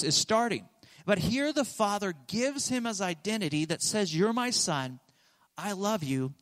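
A man's voice: high voice, a bit bright. A man preaching a sermon as pastor, earnest and emphatic, repeating his key phrases for weight, in a church sanctuary. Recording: long reverb of a large hall.

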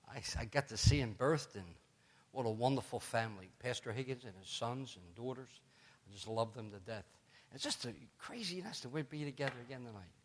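A middle-aged man preaching a sermon as pastor, chatty and animated, telling stories with joking asides. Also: medium pitch, fairly quick.

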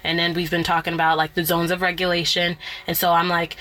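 Woman, single-mom guest; low, bright and forceful; candid, lively storyteller. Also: quick pace, faint music behind. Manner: candid, lively, acts out scenes with family. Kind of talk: casual conversational storytelling.

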